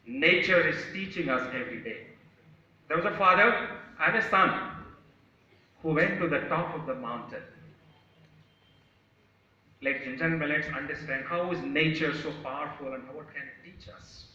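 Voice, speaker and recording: A man's voice: mid-range voice, sharp tone. A man giving a motivational speech to an audience in a large hall, emphatic and repetitive, telling stories. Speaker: motivational speaker. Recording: echoey hall from far off, lo-fi.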